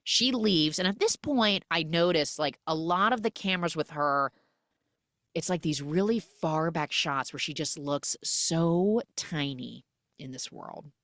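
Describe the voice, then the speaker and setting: A woman's voice: deep voice, unhurried, dry recording, clean studio sound. A woman hosting a casual movie recap podcast, retelling scenes with lots of "like" and acting out what characters say. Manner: animated retelling that acts out characters' lines; frequent filler "like". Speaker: podcast host.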